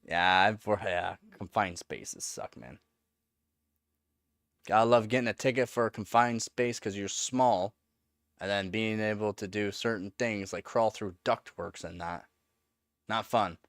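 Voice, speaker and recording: A man with a fairly low voice chats on a live stream, drifting from story to story with plenty of "uh"s and easy laughter. The sound is dry and close, with little room around it. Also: measured pace, a bit bright, dry recording. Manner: rambling storytelling with frequent fillers and laughs. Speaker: live streamer answering chat. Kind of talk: casual live-stream chat.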